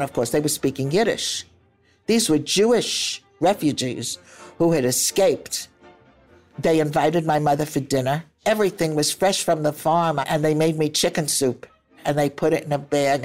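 A woman in her eighties, a grandmother co-hosting a casual chat, telling stories and acting out the voices of the people in them. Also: sits low. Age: 80s. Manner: animated storyteller who acts out quoted voices and laughs often. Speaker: grandmother and co-host.

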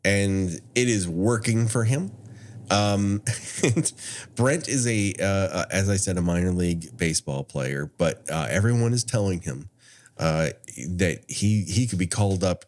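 A man's voice: deep voice, measured pace. A man co-hosting a podcast, casually recapping a horror film with frequent laughs. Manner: animated, laughs often, plot-summarizing. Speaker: podcast co-host. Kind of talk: casual movie recap chat.

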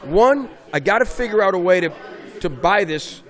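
Middle-aged coach, high-pitched, animated storyteller who punches key words. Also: male voice, normal speed, soft background music. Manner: animated storyteller, raises voice for emphasis. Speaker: basketball coach, guest. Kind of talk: casual interview conversation.

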